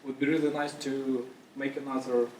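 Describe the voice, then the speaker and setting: A male conference speaker gives a casual talk to an audience in a mid-range voice with little pitch movement, at normal speed. His phrasing is loose, full of fillers and restarts, and he coughs now and then. The recording picks him up from far off in an echoey room, with background noise.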